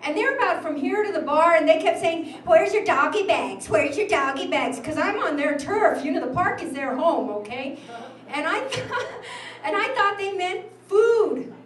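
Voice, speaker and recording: A middle-aged woman doing a brash, profane stand-up set in a bar, acting out the people in her stories. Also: very high-pitched. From New Mexico, USA. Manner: brash, profane storytelling with acted-out voices. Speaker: stand-up comic. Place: bar stage with a live audience. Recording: roomy club sound from far off, crowd noise.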